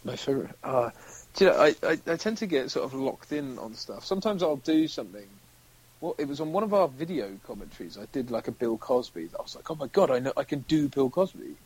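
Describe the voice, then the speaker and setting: A British actor talks loosely in a relaxed interview, wandering from thought to thought and acting out little quotes. His voice has a husky, slightly breathy edge, at a middling pitch for a man. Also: fast, low-quality recording. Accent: British English. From United Kingdom. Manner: rambling, acts out quotes, laughs often. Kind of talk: casual interview chat.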